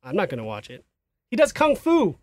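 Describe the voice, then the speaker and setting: Lively joking podcast host. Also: male voice, high voice, brisk, no echo. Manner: joking, laughs often. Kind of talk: casual chat.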